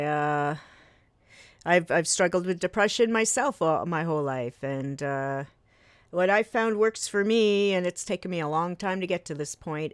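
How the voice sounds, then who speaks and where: Low-voiced middle-aged woman musing aloud. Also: no echo. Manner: musing aloud, chatty, answers chat with small laughs. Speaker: horror writer streaming her work. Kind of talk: casual live-stream chat while editing. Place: home desk with her books on a shelf above.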